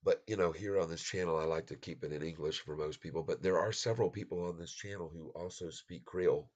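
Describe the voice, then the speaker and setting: A man's voice: sits low, fast talker, lo-fi sound. An American man hosting a casual live stream, chatting with viewers, laughing often and mixing in bits of French and Spanish. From United States.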